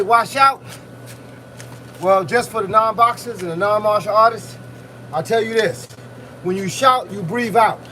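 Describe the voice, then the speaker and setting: A male boxing coach with a high voice gives a blunt, loud pep talk mid-workout during a live stream, punching out motivation between shouted breaths. He's outdoors in freezing wind, recorded by a phone camera set at a distance, with wind noise audible.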